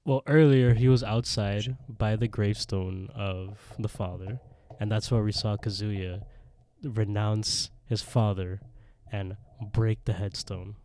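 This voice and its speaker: Male podcast co-host, mellow low voice, dry close sound, lively retelling. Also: no echo. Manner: animated retelling with quoted voices. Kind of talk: casual episode recap.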